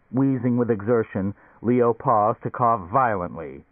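A man narrating an audiobook with expressive, varied storytelling. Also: on the low side, a little slow, hardly any pauses, no echo. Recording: tinny narrow-band recording, dry.

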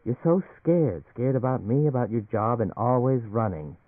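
A man's voice: mid-range voice, expressive, unhurried, dry recording, lightly acted. A man doing a teasing sleepy young woman. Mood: mocking. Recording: tinny radio broadcast.

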